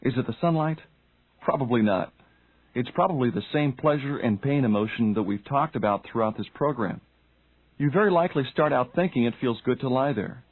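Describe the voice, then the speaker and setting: A man's voice: medium pitch, expressive, a little fast, slightly rough, no room sound, low-quality recording. Male self-help audiobook narrator, mid-range voice, direct questioning delivery, dry studio sound. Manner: direct, addresses the listener with questions.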